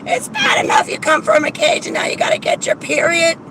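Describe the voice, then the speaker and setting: Shrill weepy crybaby gushing sorry sorry, woman mocking her, street noise behind. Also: wildly swooping pitch, brisk, full character voice. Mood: gushing pity. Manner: shrill, tearful, overdramatic.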